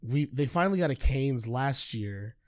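A man's voice: medium pitch, animated, normal speed. Young man, laughing podcast co-host. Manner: storytelling, laughs often. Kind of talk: casual chat.

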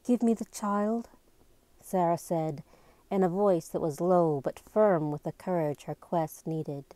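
A woman reading a novel aloud in a slow, even and deliberate storybook narration. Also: low-pitched, dry recording. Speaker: amateur reader.

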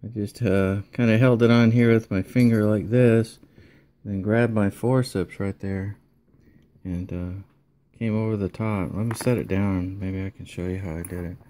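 A man's voice: lowish voice, steady tone, moderate pace, dark tone, slight background noise. A man chatting casually as he explains a repair step by step at a home workbench. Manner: chatty, folksy, thinking aloud while working. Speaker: electronics repair hobbyist.

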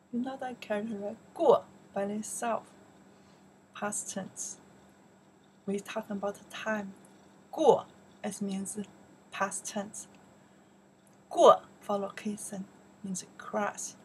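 Slow, breathy Chinese-accented woman teacher. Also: medium pitch, little pitch movement, rough recording. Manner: says Chinese words loudly, explains softly in English. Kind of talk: vocabulary lesson, repeating words aloud.

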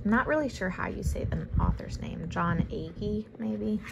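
Gravelly woman reading a storybook aloud. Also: mid-range voice, normal speed, background noise. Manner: relaxed, casual asides. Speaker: storybook reader. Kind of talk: reading a picture book aloud.

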